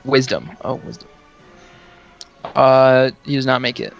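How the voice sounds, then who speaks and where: A man running a tabletop game as dungeon master, narrating the action and calling turns with a relaxed, laughing manner. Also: mid-range voice, a little slow, gravelly. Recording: dull lo-fi sound with faint music.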